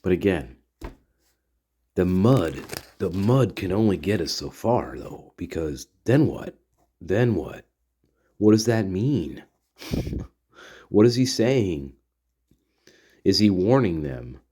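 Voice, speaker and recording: A man with a deep, low-pitched voice and a mellow, dark tone, speaking in a loose, rambling monologue. He circles back over the same phrases as he thinks out loud and talks directly to his audience. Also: lively intonation, takes it slowly, pauses often, slightly rough. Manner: rambling, repeats himself, thinks aloud; talks straight to his listeners. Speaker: podcast host. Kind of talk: casual monologue.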